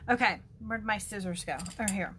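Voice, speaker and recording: A woman's voice: medium pitch, moderate pace, a bit bright, a little hiss or hum. Bubbly woman gushing over crafts. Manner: bubbly, gushing, chatty with frequent ums. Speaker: stamping demonstrator. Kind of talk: casual crafting demo.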